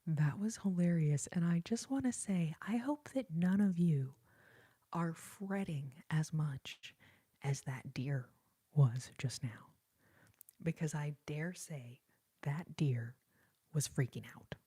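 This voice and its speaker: A young woman hosting a live stream, talking gently in a half-whisper and laughing easily as she thanks viewers. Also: deep voice, slow pace, breathy edge, dry recording, clean studio sound. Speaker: ASMR and singing live-stream host. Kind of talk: soft-spoken live-stream chat reading viewer comments. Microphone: sensitive studio microphone.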